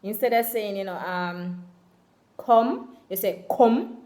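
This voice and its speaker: A woman's voice: mid-range voice, steady tone, moderate pace, a little mellow, reverberant. A young Jamaican woman talking casually to her viewers in a vlog, chatty and full of fillers. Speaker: vlogger.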